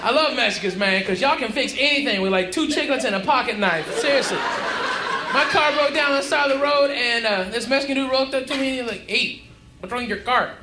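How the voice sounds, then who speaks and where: A man's voice: very high-pitched, fast, heavy background noise. A man doing a brash, profane stand-up set and checking in with the audience. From Houston, Texas. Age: 40s. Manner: brash, profane, conversational, keeps checking in with the crowd. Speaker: stand-up comedian. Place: comedy club stage before a live audience. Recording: roomy club recording with crowd laughter.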